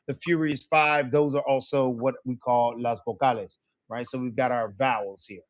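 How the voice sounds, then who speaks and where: A man whose first language is English, teaching a Spanish class in a lively, upbeat way and checking in with "right?" and "okay?". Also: medium pitch, moderate pace. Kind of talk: classroom lesson.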